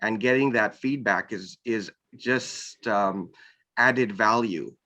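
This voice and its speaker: A man hosts an interview, speaking slowly and carefully, pausing often to find his words. His voice is bright and clear-edged. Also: lowish voice. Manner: slow, searching, many ums and restarts. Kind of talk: casual interview talk.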